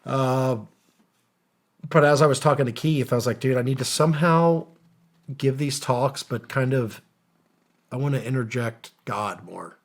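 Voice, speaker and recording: A man's voice: medium pitch, unhurried, long pauses. A middle-aged man, a guest on a podcast, telling his story casually and earnestly, acting out quoted dialogue and using casual slang. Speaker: podcast guest, former special operations soldier.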